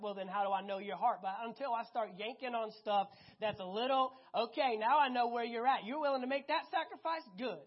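A preacher delivering a sermon, emphatic and animated, repeating key phrases and swinging between loud and hushed. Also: medium pitch, a little fast, hardly any pauses. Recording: dull lo-fi recording.

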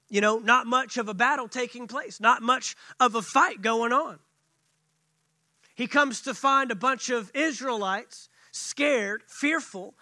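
Male pastor, sermon, emphatic, repetitive phrasing, very high pitch, dry close sound. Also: bright, forceful tone, no echo. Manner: emphatic, repetitive preaching with acted quotes.

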